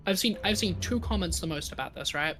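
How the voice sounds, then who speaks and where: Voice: medium pitch, expressive, a little fast, a bit bright, soft background music. A guest on a live stream, chatting casually and often repeating the starts of phrases.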